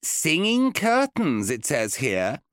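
A man voicing a demanding woman, the wife of a horned baron, who talks in a shrill and insistent way. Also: wildly swooping pitch, slow pace, dry recording, clean studio sound, exaggerated voice.

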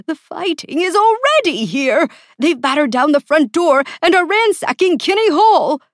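Frantic plant creature voiced by a woman, high, loud, urgent, dry sound. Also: very animated, normal speed, no room sound. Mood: panicked. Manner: panicky, urgent, high-pitched. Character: anxious talking spider plant assistant, male, dog-sized.

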